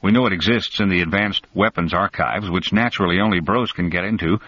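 A man voicing a bewildered, shaken middle-aged man who talks in a halting way. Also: sits low, sharp tone, slightly rough, no room sound, heavily acted. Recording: dull lo-fi dry recording.

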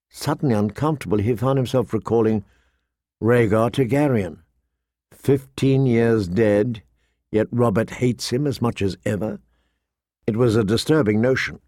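A mid-range male narrator reads a scripted audiobook in an even, measured manner. The recording is dry and of studio quality.

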